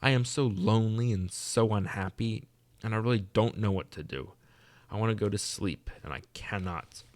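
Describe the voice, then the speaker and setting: A man reading aloud, voicing a sad, lonely old male ghost who speaks slowly in a low, dreamy way. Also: natural voice. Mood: plaintive.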